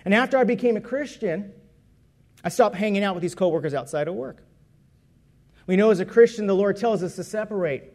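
A man with a noticeably high voice delivers a sermon built around his own testimony. He tells it like a conversation, restarting and correcting phrases as he goes. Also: animated, a little fast, long pauses, a little mellow. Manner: conversational storytelling with self-corrections. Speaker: preacher.

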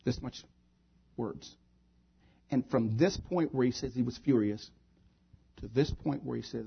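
Husky-voiced preacher man, emphatic. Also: medium pitch, measured pace, long pauses. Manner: emphatic preaching with repeated phrases. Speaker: pastor. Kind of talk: sermon. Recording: dull lo-fi recording.

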